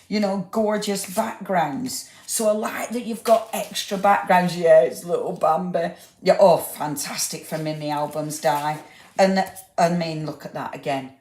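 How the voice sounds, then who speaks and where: A woman's voice: medium pitch, darkish tone. Gushing woman hosting a craft stream. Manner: gushing, chatty, exclaims over each item; talks to viewers by name, asks them questions. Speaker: craft livestream host. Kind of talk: live product demonstration. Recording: echoey room.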